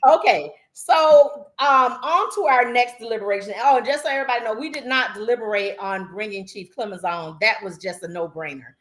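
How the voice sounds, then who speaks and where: A woman co-hosting a casual talk podcast, expressive and quick to laugh. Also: a little high. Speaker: co-host.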